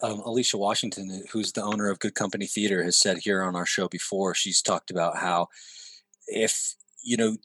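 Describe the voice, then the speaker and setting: A man's voice: sits low, a bit bright, slightly rough, no room sound. A male host leading a discussion, speaking with some hesitation as he ties together points the guests have made. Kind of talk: hosting a discussion.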